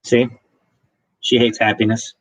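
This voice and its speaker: A man's voice: mid-range voice, little pitch movement, a little slow, fairly bright tone, breathy edge, no echo. A man hosting a whiskey channel's live stream, chatting casually and emotionally with viewers and his partner. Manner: rambling, emotional, laughs often, many restarts.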